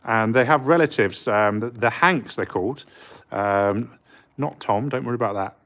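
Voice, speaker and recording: At a normal pace, a mid-range, fairly bright male voice belongs to a middle-aged English street artist streaming live. He chats casually from his studio while working, full of ums, and greets viewers with enthusiasm.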